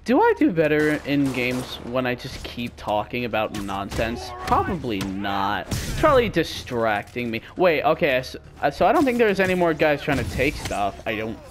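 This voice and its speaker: A man's voice: medium pitch, huge pitch swings, normal speed, few pauses, music in the background. A young man casually commentating his own gameplay, rambling and self-mocking with sudden goofy yelps. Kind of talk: casual let's-play commentary.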